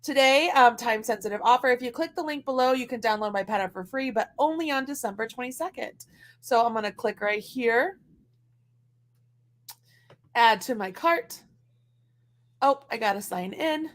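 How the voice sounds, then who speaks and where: A woman's voice: fairly high pitch, moderate pace, pauses often. A woman hosting a casual live craft stream, chatting as she clicks through a website. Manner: chatty, talks to her dog while scrolling.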